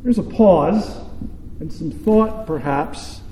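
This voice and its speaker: A pastor with a high, light voice delivers a sermon at an unhurried pace. He tells his story deliberately and pauses for effect. His voice rings through a church with a long, echoing reverb. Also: dark tone, slight background noise. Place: church sanctuary.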